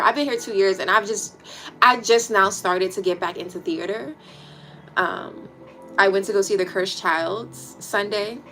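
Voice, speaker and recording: Brief: woman, 30s, DC accent, candid livestream chatter, a touch high-pitched, faint music behind. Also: poor audio. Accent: Washington, D.C. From Washington, D.C. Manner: candid, blunt, swears freely, trails into quiet asides. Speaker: livestream host. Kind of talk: casual chat with viewers.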